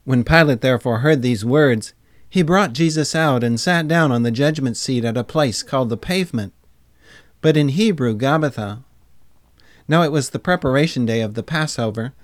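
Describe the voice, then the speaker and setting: A man reading scripture aloud in a measured, deliberate narration. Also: mid-range voice, no room sound, studio quality. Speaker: scripture reader.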